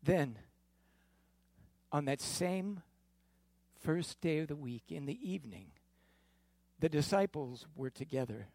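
A man narrating a dramatic scripture reading in a deliberate, expressive storytelling manner. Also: on the high side, no room sound. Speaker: scripture reader.

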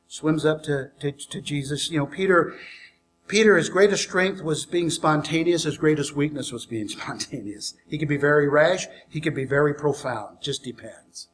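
A man preaching a sermon, retelling a scripture story with acted-out lines and sudden hushed whispers. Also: on the high side, slight background noise. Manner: dramatic storytelling, acting out scenes, dropping to whispers for emphasis. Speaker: pastor.

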